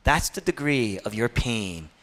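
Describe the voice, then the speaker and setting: A male pastor preaching an impassioned sermon, swinging between loud, urgent passages and hushed, quiet ones. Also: medium pitch, big pitch swings, measured pace.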